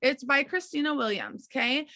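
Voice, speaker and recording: A young adult woman runs a team coaching session on a video call, her high-pitched, sharp voice lively in intonation and moderate in pace, with no echo. She is encouraging and chatty, full of fillers, often checking in with an "okay, you guys".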